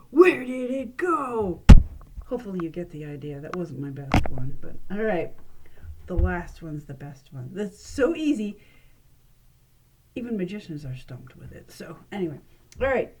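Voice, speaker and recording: A woman's voice: fairly low pitch, animated, moderate pace. Chatty woman showing coin tricks. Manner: chatty and playful, laughs at her own slips. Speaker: librarian demonstrating magic tricks. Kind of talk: casual how-to demonstration. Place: library. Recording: noisy room with clicks.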